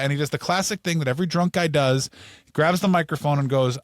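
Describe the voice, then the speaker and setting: A middle-aged comedian, a man from Canada, spins animated stories at a brisk clip on a close podcast mic. His voice sits a touch high for a man and sounds dry, with no room around it. He swears freely and keeps the energy up. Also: dry recording. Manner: animated, profane, fast storytelling. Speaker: comedian guest. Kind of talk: storytelling interview.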